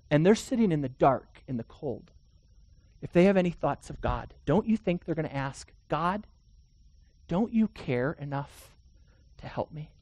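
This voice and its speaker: Pastor preaching with loud and hushed swings. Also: medium pitch, dry recording. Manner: dramatic swings between loud urgent passages and hushed soft ones; asks the audience rhetorical questions. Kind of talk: sermon.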